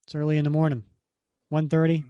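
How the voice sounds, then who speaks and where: A man's voice: a little high, level tone, fast, clean tone, no room sound, lo-fi sound. A man co-hosting a podcast, casually retelling a comic book story with lots of fillers and restarts. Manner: rambling, many fillers and restarts. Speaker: podcast co-host.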